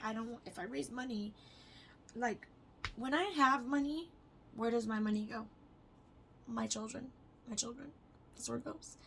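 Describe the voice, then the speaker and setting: With some background noise behind her, a young adult woman with a highish voice talks through a casual vlog. She rambles, swears freely, and fills her speech with filler words.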